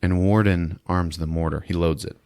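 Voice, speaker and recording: A man hosting a podcast who recaps a movie in casual, animated speech, swearing and acting out the scenes. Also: low-pitched, moderate pace, no echo, clean studio sound. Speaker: podcast host. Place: podcast studio.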